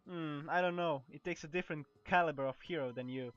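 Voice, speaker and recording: A man's voice: fairly high pitch, fast, fairly bright tone, faint music behind, natural voice. A man with a Croatian accent voicing an irritable, impatient game townsperson who brushes off strangers. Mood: annoyed. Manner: curt, impatient. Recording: dull lo-fi recording.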